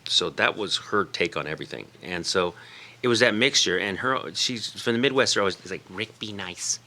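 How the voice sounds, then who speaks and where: A man chatting as a guest on a radio talk show, quick and full of energy. His voice is bright and a little low, and he brings his stories to life by acting out the people in them. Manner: animated storyteller, acts out quoted voices, laughs often. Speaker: author and guest. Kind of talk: casual radio interview chat.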